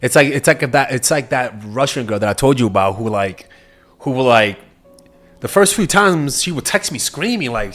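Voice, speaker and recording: A young man talking casually as a dating coach, profane and lively, laughing at his own stories. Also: on the high side, brisk. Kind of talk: casual monologue.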